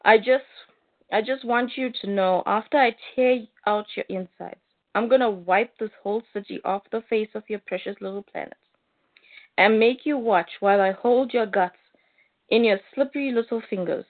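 A woman reads aloud as a boastful, crude alien bounty hunter who sneers and gloats at his foe. Her voice sits at an ordinary pitch, close to her own, and comes through a narrow, phone-like line. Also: moderate pace, natural voice. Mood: gloating. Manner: mocking, boastful taunts.

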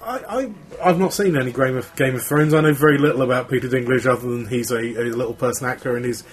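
A man's voice: medium pitch, quick pace, faint music behind. Male co-host, casual rambling chat, dry humour, mid-range voice. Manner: rambling, wry anecdotes. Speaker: podcast co-host.

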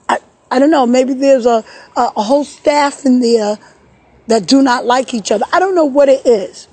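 Tearful woman talking into her phone in a park, husky and kinda high, stumbles and repeats herself. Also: darkish tone, dry recording, poor audio. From New York. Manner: upset, halting, repeats words. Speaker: vlogger. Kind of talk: emotional personal vlog. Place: outdoors in a park.

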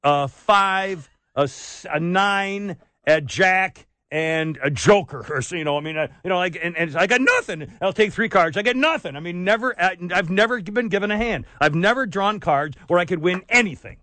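A man's voice: high voice, animated, normal speed, pushed and bright, dry recording. A man hosting a talk radio show, chatting casually and rambling with asides and restarts. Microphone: studio microphone.

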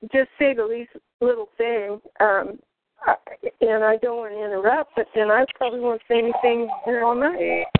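A woman's voice: a little high, normal speed, a crowd in the background. A woman calling in to a talk show, speaking in a hesitant, apologetic, worried way. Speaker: caller. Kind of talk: phone call into a talk show. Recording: dry tinny phone line.

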